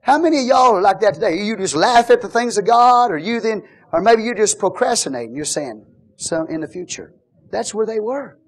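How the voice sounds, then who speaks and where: A man preaching a Pentecostal sermon, moving between fervent shouted praise and quieter teaching. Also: sits high, breathy edge.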